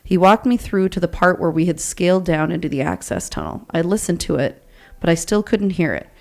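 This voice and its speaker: A woman's voice: on the low side, lively intonation, brisk, creaky, a little mellow. A woman podcast host reading a listener's true ghost story aloud, with chatty asides to her co-hosts. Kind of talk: story reading and casual chat.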